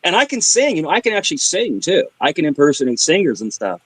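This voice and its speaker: Animated storytelling man, dry sound. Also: fairly high pitch, fast, husky, dry recording. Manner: animated storyteller with vocal sound effects and voice switching. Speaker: livestream guest. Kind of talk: casual chat, storytelling.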